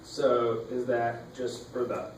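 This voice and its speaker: A man's voice: mid-range voice, flat delivery, takes it slowly, reverberant, a crowd in the background, poor audio. A male student asking a question during a lecture.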